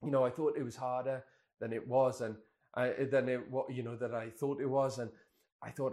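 A man's voice: mid-range voice, little pitch movement, normal speed, dark tone. A man in his twenties, a pastor telling a candid, self-deprecating personal story in a sermon. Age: 20s.

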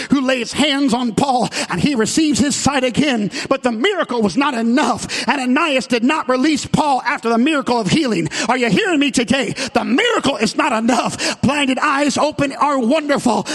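A male pastor delivering an impassioned sermon that builds to shouted calls. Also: very high-pitched, breathy edge, long reverb tail.

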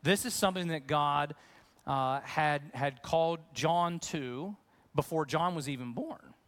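High-voiced man preaching a casual sermon. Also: unhurried. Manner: conversational, animated, acts out questions. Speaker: pastor.

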